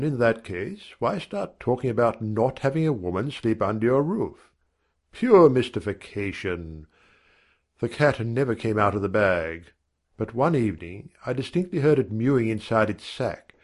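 A man narrates a first-person story with measured, wry timing. His voice sits on the low side. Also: darkish tone.

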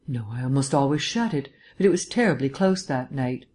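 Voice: mid-range voice, lively intonation, brisk, darkish tone, close to an everyday voice. An audiobook reader voicing an anxious, deferential middle-aged female housekeeper who answers plainly. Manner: nervous, deferential, plain-spoken. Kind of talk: audiobook reading.

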